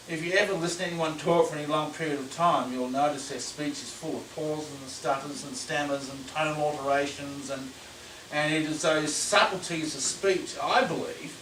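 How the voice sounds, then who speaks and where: A man's voice: on the high side, fairly bright tone. A man giving a conversational lecture to a live audience, explaining examples and quizzing the room. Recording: echoey room, distant mic, noisy.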